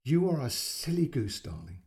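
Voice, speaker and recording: A man voicing a mother who speaks fondly and with gentle amusement in a story reading. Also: mid-range voice, big pitch swings, moderate pace, gravelly. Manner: fond, gently teasing.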